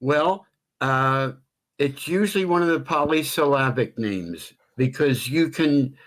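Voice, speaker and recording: An older man who has announced ballgames for decades speaks as an interview guest. His voice sits at an ordinary male pitch, measured and unhurried, and he slips into slow, sing-song announcer calls when he says names. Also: lively intonation. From Philadelphia area. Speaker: stadium announcer. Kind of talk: interview guest on sports talk show.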